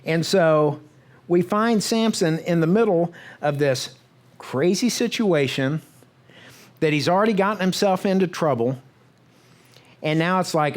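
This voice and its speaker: A pastor in a church sanctuary, speaking with a fairly high pitch, delivers his sermon as conversational storytelling. He often tosses in "right?" to the congregation and plays out the characters' words in brief, quick bursts.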